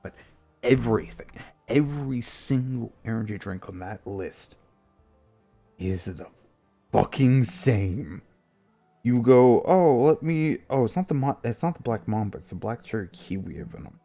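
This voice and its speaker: A man's voice: expressive, measured pace, dark tone, soft background music. Profane ranting man streamer. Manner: heated and profane, mimicking people in high silly voices. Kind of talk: casual rant on a live stream.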